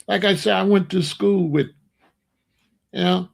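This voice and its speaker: A man's voice: sits high, fairly even intonation, a little slow, creaky. A middle-aged man hosting his own commentary channel, talking in a casual opinion monologue and telling stories with sound effects and mock voices.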